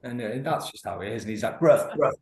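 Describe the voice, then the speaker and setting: A man's voice: lowish voice, fast, vocal fry. A man in his thirties, a former footballer, telling stories as a podcast guest, laughing often and acting out quotes. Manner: laughing storyteller, many restarts, acts out quotes. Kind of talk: anecdotal podcast chat. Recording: roomy echo.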